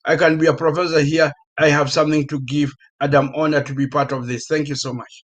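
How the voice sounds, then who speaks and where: A man's voice: fairly high pitch, level tone, a little fast. Man, guest professor, heartfelt.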